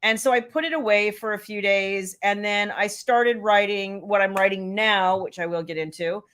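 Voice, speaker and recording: A woman's voice: mid-range voice, fairly even intonation, moderate pace, a bit bright, clean tone. Middle-aged woman, casual live-stream host, chatty and rambling. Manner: chatty, rambling, answers viewer comments by name. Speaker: romance author hosting a live stream.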